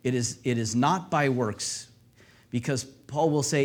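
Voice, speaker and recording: A man preaching a sermon, stressing key phrases by repeating them and swinging between loud passages and quiet ones. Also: mid-range voice, unhurried.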